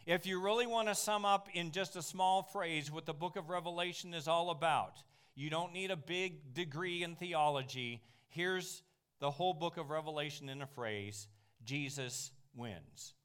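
Man, preacher, Bible teaching, smooth resonant voice, fairly high pitch, animated. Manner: animated, with emphatic slowed key phrases and asides to the room. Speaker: pastor teaching a Bible class. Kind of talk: sermon-style Bible teaching.

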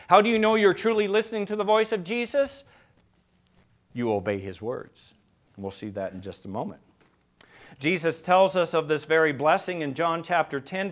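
A man preaching a sermon. He swings from quiet, low passages to loud, emphatic peaks and asks the congregation rhetorical questions. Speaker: pastor.

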